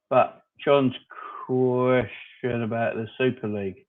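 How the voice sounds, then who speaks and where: On a fan channel live stream, a male host reads out the chat and responds to viewers by name, rambling and offering strong opinions. He speaks at a moderate pace in a fairly low voice, over phone-like narrow audio.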